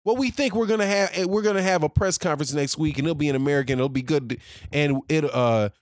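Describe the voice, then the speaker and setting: Guy mocking a shifty boxing promoter, hesitant and placating, bit higher voice. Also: fast, no room sound, clean studio sound, natural voice. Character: evasive male boxing promoter making excuses.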